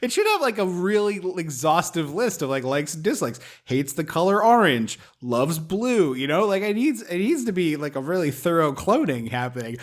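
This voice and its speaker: A podcast co-host in casual chat about a movie, animated and joking, laughing often. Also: medium pitch, moderate pace, few pauses.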